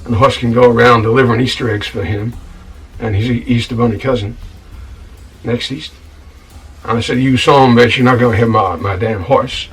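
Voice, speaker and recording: An actor playing a self-righteous scoundrel tavern keeper in a comedy web series, telling an indignant, stammering monologue and calling the listener son. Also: male voice, medium pitch, fairly even intonation, fairly quick, a bit bright, distant mic, natural voice, low-quality recording. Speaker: title character of a comedy-drama web series. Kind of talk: comic monologue. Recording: voice a bit off-mic, with music behind.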